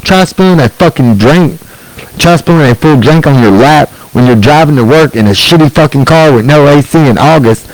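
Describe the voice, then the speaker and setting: A stand-up comedian with a mid-range voice rants through a sarcastic, profane set at normal speed. He sounds angry and throws in mocking put-on quotes, captured in a low-quality recording with no echo.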